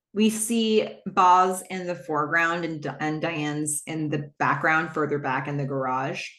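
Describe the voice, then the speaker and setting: A woman's voice: low voice, fairly even intonation, unhurried, fairly bright tone. A woman hosting a podcast, chattily recapping a TV episode with rambling asides and fillers. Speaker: podcast host. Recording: roomy echo.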